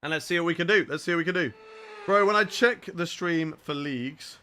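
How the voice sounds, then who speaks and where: With faint music behind him, a man with a fairly high voice and southern English accent talks briskly. This gaming streamer from southern England plays a racing game live, cracking jokes and chatting energetically with his audience.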